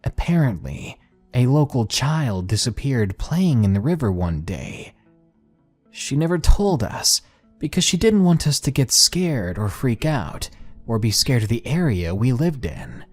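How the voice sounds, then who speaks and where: A man's voice: medium pitch, very animated, unhurried, darkish tone, dry recording, faint music behind. A man narrating a first-person horror story in a scripted storytelling style.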